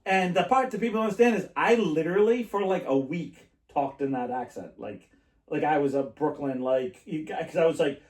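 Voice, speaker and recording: A man's voice: a little high, fairly quick. Chatty man in an echoey room. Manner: rambling storyteller, laughs often. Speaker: podcast host. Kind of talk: casual chat. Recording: echoey room, mic at a distance.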